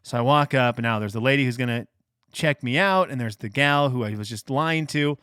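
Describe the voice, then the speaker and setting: A man's voice: medium pitch, a little fast, a bit bright, clear, resonant tone, dry recording, clean studio sound. A man hosting a podcast, telling a casual, rambling, self-mocking story and quoting the people in it. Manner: rambling, self-mocking retelling with quoted dialogue. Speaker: podcast host.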